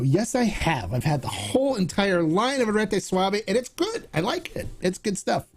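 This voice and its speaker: Chatty high-voiced man hosting a Q&A. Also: big pitch swings, unhurried, husky. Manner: rambling, chatty, with restarts and acted-out dialogue. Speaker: host. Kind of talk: casual Q&A livestream.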